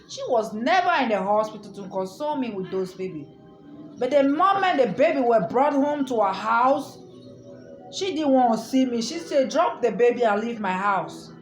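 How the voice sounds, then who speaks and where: A woman's voice: a little high, reverberant. A woman vlogger emotionally recounting a personal story, emphatic and defiant, often repeating herself. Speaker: vlogger telling her own story.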